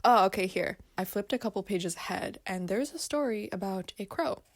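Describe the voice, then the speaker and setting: A woman's voice: medium pitch, animated, normal speed, no echo. A woman casually reading folk tales aloud on her video, breaking off for giggly, playful asides. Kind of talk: casual read-aloud with chat.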